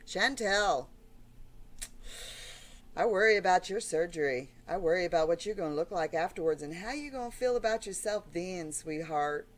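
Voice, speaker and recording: A woman's voice: fairly low pitch, lively intonation, normal speed. Woman vlogger, middle-aged, emotional rant, blunt and rambling. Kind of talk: ranting vlog monologue.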